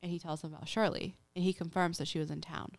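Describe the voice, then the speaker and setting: A woman's voice: lowish voice, fairly even intonation, fast talker, vocal fry. A woman hosting a casual podcast, retelling a true-crime case in a chatty way with lots of "like" and acted-out quotes. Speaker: podcast host.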